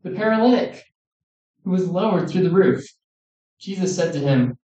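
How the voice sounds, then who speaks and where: Male preacher, earnest sermon delivery, slightly high voice, far off in an echoey hall. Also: animated, a little mellow, dull audio. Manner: earnest, measured, quoting scripture. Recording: echoey room, distant mic.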